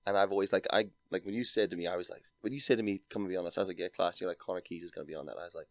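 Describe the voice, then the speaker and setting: A Northern Irish man in his thirties, a guest on a podcast, telling stories in a dry, deadpan way with lots of "like". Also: deep voice, racing, no echo. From Northern Ireland. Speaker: podcast guest, content creator. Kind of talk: casual chat.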